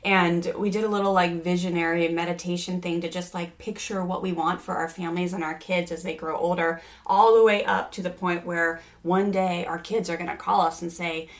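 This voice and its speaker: A woman's voice: lowish voice, level tone, brisk, few pauses. Earnest rambling woman sharing parenting stories. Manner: earnest, rambling with many "like" fillers and restarts. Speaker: parenting speaker. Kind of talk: casual podcast conversation.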